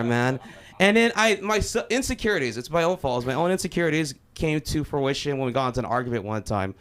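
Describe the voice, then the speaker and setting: A man's voice: medium pitch, animated, quick pace, a bit bright. A young man from Los Angeles doing a loose, rambling, profane open mic stand-up set in a small comedy club.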